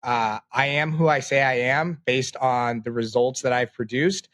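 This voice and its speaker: A man in his late twenties, a podcast guest, talking in a reflective, halting way with many fillers. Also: medium pitch, fairly even intonation, fairly bright tone. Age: 20s. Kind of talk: casual interview talk.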